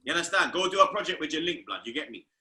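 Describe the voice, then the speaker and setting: Guy ranting about football, swears nonstop, real sharp bright voice, echoey room. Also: fairly high pitch, rapid-fire. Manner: loud, excitable, swears a lot. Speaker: host. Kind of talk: casual football banter.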